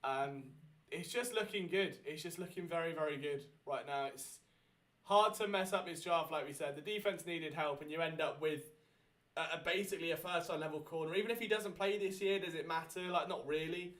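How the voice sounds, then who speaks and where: A man with a British accent hosting a live sports draft watchalong, chatty and excitable, often correcting himself mid-thought. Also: a little high, a little fast. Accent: British English. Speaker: host.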